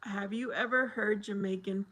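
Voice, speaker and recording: A woman's voice: mid-range voice, steady tone, moderate pace, fairly bright tone, low-quality recording. A middle-aged woman hosting a casual livestream, chatting with viewers and laughing often. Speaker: livestream host.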